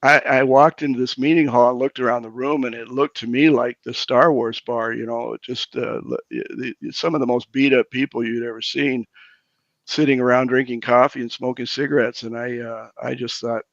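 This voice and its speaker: Older man, halting candid storyteller. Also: mid-range voice, steady tone, no echo, muffled recording. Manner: halting, repeats words as he restarts. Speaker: pastor and recovery guest.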